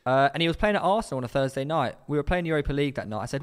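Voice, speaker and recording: A man's voice: fairly high pitch, fast, long reverb tail. A man co-hosting a casual football podcast, rambling and correcting himself as he reads out listener stories. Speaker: podcast co-host.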